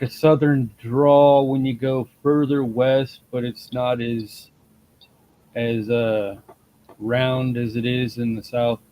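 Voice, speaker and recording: A man chatting casually on a livestream, relaxed and rambling. He speaks slowly in a dark, mellow voice. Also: medium pitch, slight background noise, poor audio.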